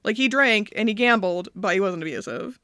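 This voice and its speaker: A woman guest in a casual podcast chat, telling candid, profane, dark-humored stories. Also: mid-range voice, animated, fairly quick, no room sound, studio quality.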